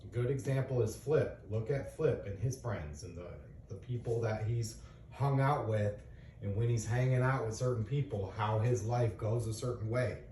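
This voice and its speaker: A middle-aged man's lowish, mellow voice comes at a moderate pace from a distance in an echoey room, with a bit of hiss or hum. Casually lecturing his young children, the father explains things earnestly through questions and examples.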